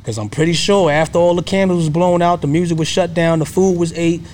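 A man's voice: a little high, fairly quick, a little mellow, slight background noise. A man in his thirties, a guest telling a personal story in casual, earnest talk, often checking in with "you know what I mean".

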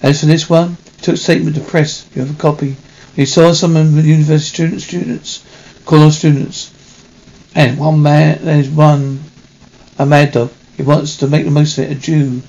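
A man reading a film script aloud in a halting way, correcting himself as he goes. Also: a little high, level tone, creaky, darkish tone, highs cut off. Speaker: reader.

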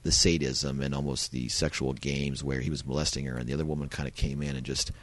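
A man's voice: very deep voice, little pitch movement, fast talker, no room sound. A man hosting a casual film-review podcast, talking in a laid-back, rambling way with lots of fillers. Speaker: podcast host.

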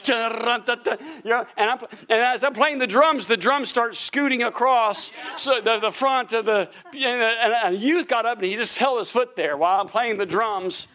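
A middle-aged man, a pastor, telling animated stories from the pulpit during a sermon, breaking into laughter and shouts at the punchlines. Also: very high-pitched, normal speed, hardly any pauses. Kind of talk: sermon storytelling. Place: church sanctuary.

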